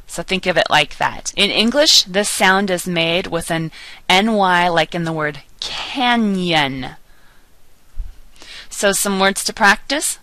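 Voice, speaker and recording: A woman gives a recorded pronunciation lesson at an unhurried pace. Her voice is bright and a little low, and she stretches out each example word with patient care. The sound is dry and close to the mic, with no room echo. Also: expressive. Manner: patient, drawn-out model pronunciations with repeated words. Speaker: Spanish teacher.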